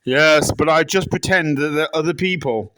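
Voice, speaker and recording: A man answering questions in a deadpan comic interview, breaking into loud shrieking impressions. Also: on the high side, moderate pace, dry recording, rough recording. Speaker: interviewee in a comedy sketch.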